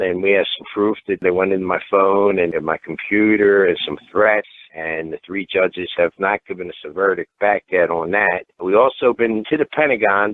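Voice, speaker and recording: A middle-aged man, a bereaved father, giving an urgent, insistent account as a guest on a radio call-in show. He re-enacts his arguments, and his voice climbs whenever he repeats what he said. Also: on the low side. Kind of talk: emotional first-hand account on a radio call-in. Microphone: telephone. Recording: tinny dry phone line.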